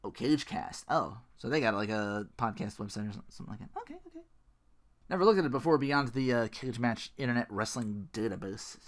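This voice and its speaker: A man's voice: medium pitch, expressive, quick pace. A man hosting a solo podcast, rambling and joking at his own expense. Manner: rambling, self-mocking, laughs at own jokes. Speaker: podcast host.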